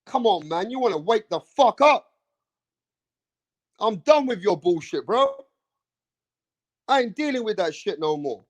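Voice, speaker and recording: Brief: man, high-pitched, heated profane rant, keeps saying "bro.". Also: sing-song, measured pace, long pauses. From England. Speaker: boxing channel host. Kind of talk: heated opinion rant to camera.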